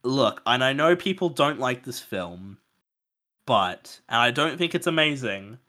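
This man talks about films with a bright, forceful edge. He sounds casual and animated, swears freely and often starts his sentences over. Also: medium pitch, measured pace, no room sound. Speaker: podcast host. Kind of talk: casual film chat.

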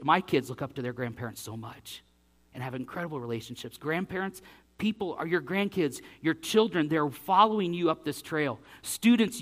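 A middle-aged male pastor telling a story in his sermon, with a bright, forceful voice pitched a little high. He is animated and self-deprecating, and he acts out the moments with a lot of life.

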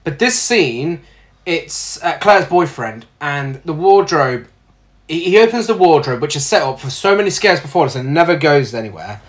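A man's voice: fairly high pitch, big pitch swings, moderate pace. A man co-hosting a casual film review chat, blunt and sarcastic, swearing often. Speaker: podcast co-host reviewing films.

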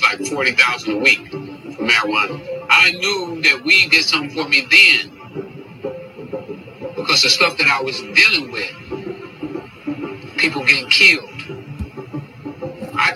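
A man's voice: mid-range voice, measured pace, pauses often, recorded from a distance, music in the background, rough recording. A former drug dealer, a man, recounting his past matter-of-factly in an interview. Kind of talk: documentary interview.

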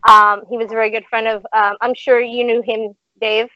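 A woman's voice: on the high side, little pitch movement, fairly quick, no room sound. Brash, foul-mouthed woman telling wrestling stories. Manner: brash, swears freely, acts out quoted lines. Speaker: guest, former wrestling manager. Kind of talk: casual storytelling on a podcast. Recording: dry, slightly dull video call audio.

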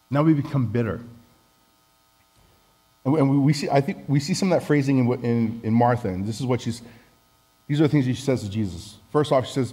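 A man's voice: mid-range voice, brisk, mellow, breathy edge, poor audio. A man preaching a conversational sermon, candid and self-deprecating as he talks with the congregation.

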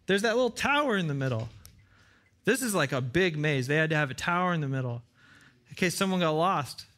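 An earnest male pastor delivers a sermon in a church. His voice sits slightly high, and he repeats phrases for weight. Now and then he acts out a brief back-and-forth to make his point. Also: lively intonation, fairly quick, fairly bright tone. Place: church with side screens.

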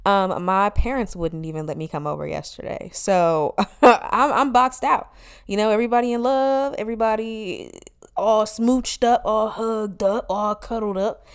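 Sassy, smooth-voiced woman podcast host. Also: medium pitch, a little slow. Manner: animated, sassy, swears freely. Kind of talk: casual comedic monologue.

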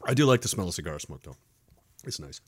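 A man's voice: sits low, very animated, fast talker, noisy background. A middle-aged man, hosting a casual livestream, rambling and joking as he reads out chat messages. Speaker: livestream host. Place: home studio. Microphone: boom-arm studio mic.

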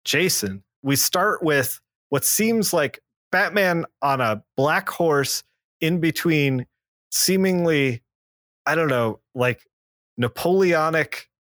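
A podcast co-host loosely recaps a comic book plot, full of fillers and restarts, and drops into a lower voice to act out character lines. He speaks slowly and animatedly with a fairly bright tone, with no room sound.

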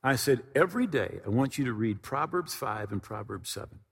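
A man preaching a sermon in a church sanctuary, his voice slightly husky and lively in pitch as it rises and falls. He talks in a conversational way, often doubling up words before moving on. The sound carries a long, reverberant hall tail. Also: fairly quick. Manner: conversational preaching with frequent word repetitions. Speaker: pastor.

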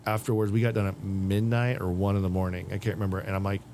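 Speaking quickly in a deep, darkish voice with a flat delivery, this man co-hosts a podcast and drifts through rambling stories in casual chat, acting out other people's quotes. A little background noise can be heard.

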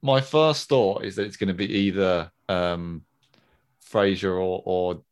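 A man co-hosting a podcast, chatting casually and thinking out loud with many pauses and fillers. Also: sits low, clear, resonant tone. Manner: rambling, hesitant, many ums. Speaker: podcast co-host. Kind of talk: casual chat.

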